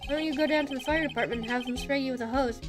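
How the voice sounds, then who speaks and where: A streamer voicing a dry-witted young male defense attorney with a sarcastic, deadpan delivery. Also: sits high, very fast, music in the background, natural voice. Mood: wry. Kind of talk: video game dialogue read aloud.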